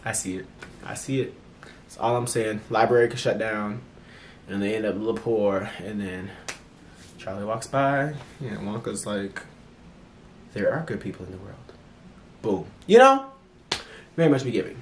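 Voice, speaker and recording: A man giving a casual movie review vlog, chatty and animated, full of fillers and restarts, acting out characters' lines in playful voices. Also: on the low side, moderate pace, pauses often, a little hiss or hum.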